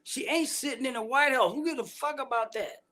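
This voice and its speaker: A man's voice: very high voice, brisk, pushed and bright. Heated, profane man ranting. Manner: heated, blunt and profane, heavy slang. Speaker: vlogger giving opinions. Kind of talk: profane political rant.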